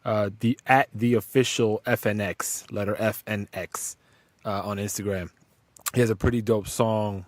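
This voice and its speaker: A man co-hosts a casual podcast, joking and teasing his friends. His voice sits a little low. The sound is dry and close, with no room echo. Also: fairly even intonation, moderate pace. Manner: playful, joking. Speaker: podcast co-host. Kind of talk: casual chat.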